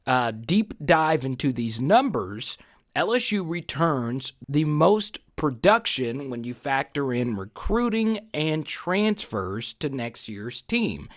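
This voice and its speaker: Excitable man hosting a sports channel. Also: medium pitch. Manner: excitable, hype-driven, jokey. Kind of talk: energetic sports commentary vlog.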